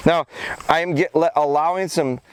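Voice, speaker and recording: A man's voice: on the high side, moderate pace, clear, resonant tone. Man training a dog out in a field. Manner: alternates calm explanation with short commands and praise to a dog. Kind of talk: outdoor training vlog, explaining while working the dog. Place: outdoors in a rural field.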